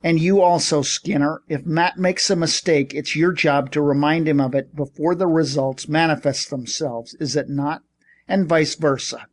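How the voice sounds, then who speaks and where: A man's voice: fairly high pitch, lightly acted. A man voicing a blustering, scolding old shipping magnate in an audiobook.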